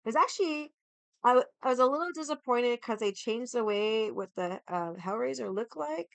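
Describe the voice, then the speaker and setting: A young woman livestreaming in casual chat, hoarse from yelling and rambling with lots of "like". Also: fairly high pitch, animated, normal speed, dry recording. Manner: rambling, heavy use of "like".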